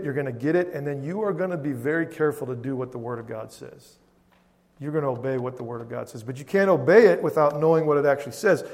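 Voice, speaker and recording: A man's voice: on the high side, darkish tone. A man preaching a sermon as pastor, often calling out "Amen?" to the congregation. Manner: preaching with frequent "Amen?" call-outs to the congregation. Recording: long hall reverb.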